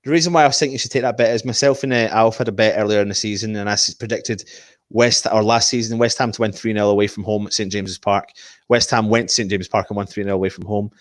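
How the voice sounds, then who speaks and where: A man's voice: on the low side, fast, no room sound, studio quality. A man hosting a casual fan live stream, reading viewer comments and making match predictions. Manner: animated, reads out viewer comments.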